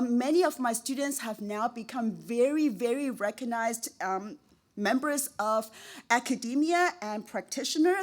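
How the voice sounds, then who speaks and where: Middle-aged woman, higher voice, heartfelt self-mocking acceptance speech, stacks "really" for emphasis. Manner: effusive, repeats words for emphasis; laughs at herself, emotional. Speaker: award recipient, professor.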